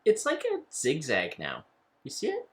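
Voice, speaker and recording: Easygoing man with a lively voice. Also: fairly high pitch, measured pace. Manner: easygoing, curious, explains rules plainly. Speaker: board game channel co-host. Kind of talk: casual chat about board games.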